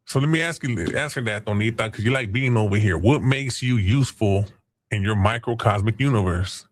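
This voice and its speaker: A man's voice: lowish voice, fairly quick, no room sound, clean studio sound. A man hosting a casual livestream, taunting chat users in crude, profane slang. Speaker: stream host.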